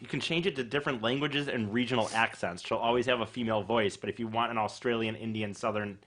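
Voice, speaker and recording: A man on a casual podcast, quickly explaining things in a matter-of-fact way. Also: mid-range voice, steady tone, a bit bright.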